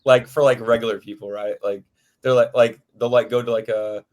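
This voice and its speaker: A man's voice: mid-range voice, steady tone, a little fast. A man talking casually as a podcast guest, rambling with many fillers. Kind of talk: casual chat.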